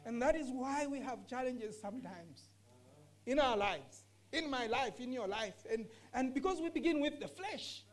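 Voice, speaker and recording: Woman, scripture teacher in a discussion; earnest, emphatic, repeats points, lively pitch. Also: normal speed. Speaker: bible teacher.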